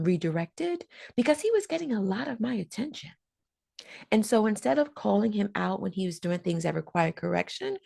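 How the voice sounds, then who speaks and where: A woman, an educator telling colleagues a story about a student in an animated storytelling way and acting out the voices. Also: medium pitch, gravelly. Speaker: educator and trainer. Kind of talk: storytelling talk to fellow educators.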